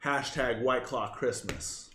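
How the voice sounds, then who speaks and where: A man plays a tabletop game, rambling through his turn with fillers and casual swearing. His voice sits in a middle pitch and rings in an echoey room. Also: steady tone, takes it slowly, pushed and bright, slight background noise. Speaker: player.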